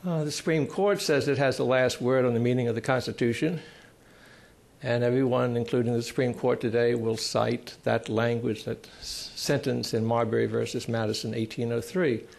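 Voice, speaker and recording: A man speaking at a conference panel on constitutional law. He explains in a measured way, pausing often, with dry, emphatic asides. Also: mid-range voice, fairly even intonation, gravelly, a little mellow. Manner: measured, explanatory, with frequent pauses.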